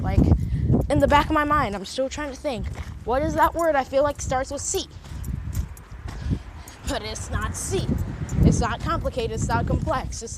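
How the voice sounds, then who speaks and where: Heavy background noise accompanies a young woman's high-pitched voice as she records a phone vlog on the go. Her casual monologue rambles, self-corrects, and is packed with filler words.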